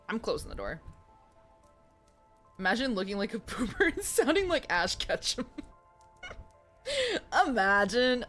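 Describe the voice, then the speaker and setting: Woman in her twenties, game streamer, playful, jokey, animated pitch. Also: measured pace, long pauses, faint music behind. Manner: playful, jokey, chatty with viewers. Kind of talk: live gameplay commentary.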